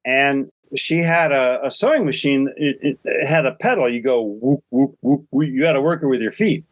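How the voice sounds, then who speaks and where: A man's voice: medium pitch, lively intonation, normal speed, dry recording. An older man in his sixties, co-hosting a podcast, telling rambling, self-deprecating stories in casual chat. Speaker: podcast co-host.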